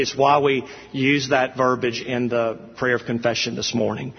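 A middle-aged man preaches with earnest conviction, building to emphatic peaks. His voice has a slightly husky edge. The sound is dull and carries the long echo of a church hall. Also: mid-range voice, flat delivery, normal speed, hardly any pauses. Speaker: pastor. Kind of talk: sermon.

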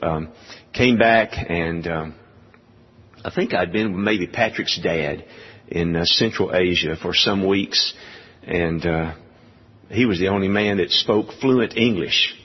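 A man preaching a sermon, speaking in a measured way with many pauses. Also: low-pitched, breathy edge, in a large hall, dull audio. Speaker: pastor.

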